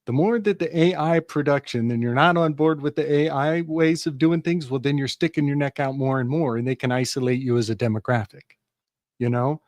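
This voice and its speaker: A man's voice: mid-range voice, brisk, a little mellow, no echo. A man in casual conversation who drifts into telling an old folk tale, restarting his sentences often. His voice sits in a middle register and sounds close and dry, with no room around it. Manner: rambling, reflective, many restarts.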